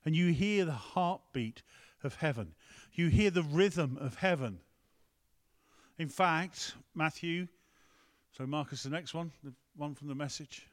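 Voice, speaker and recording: Man, preacher, sermon, slightly high voice, conversational, asks the congregation questions. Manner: conversational, pausing to ask the room and tech team. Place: church hall with a screen.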